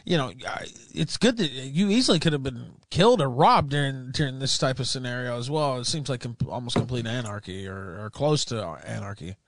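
A man's voice: medium pitch, a little fast, few pauses. A man hosting a casual interview, asking loose, chatty questions and laughing often. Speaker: host.

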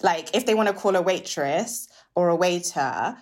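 A woman who writes, a guest in a casual chat, telling animated stories and acting out her mother. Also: on the low side, moderate pace.

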